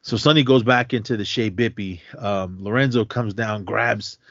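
On a podcast, a male co-host with a voice on the low side recounts a film scene at normal speed, acting out the scenes animatedly as part of a casual recap chat. His dull, lo-fi recording carries no room sound.

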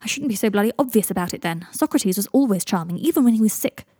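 A woman's voice: mid-range voice, lively intonation, fast talker, mellow, husky, no room sound. A woman reading the part of a sick, sardonic, posh young man, drawling and dry.

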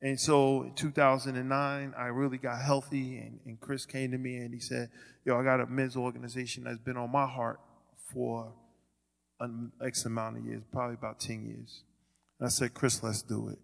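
A man giving a sermon testimony as a ministry leader, stammering and restarting, swinging from quiet asides to loud declarations. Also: mid-range voice, completely flat delivery, moderate pace, gravelly, long reverb tail.

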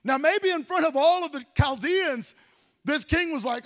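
A fervent pastor preaching and telling a story to his congregation, rising to shouts. His voice sits strikingly high for a man. The church hall answers with a long, ringing reverb. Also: normal speed. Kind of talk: sermon. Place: church sanctuary.

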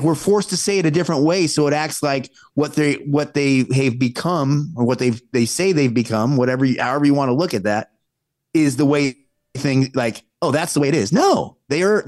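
A man co-hosting a live-streamed talk show, opinionated and casual, his pitch jumping up when he gets worked up. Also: a little mellow, dry recording, studio quality. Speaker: podcast co-host.

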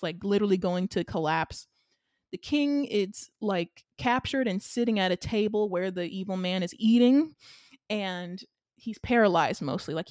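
A woman co-hosting a casual chat, recapping a film in an animated, rambling way with lots of fillers. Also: medium pitch, no echo, studio quality. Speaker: podcast co-host.

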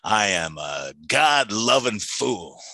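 A man's voice: fairly low pitch, sing-song, takes it slowly, vocal fry, bright, forceful tone, dry recording, poor audio. Earnest man sharing his recovery story. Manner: earnest, emotional, repeats words and restarts. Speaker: recovery meeting speaker. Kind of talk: personal testimony talk.

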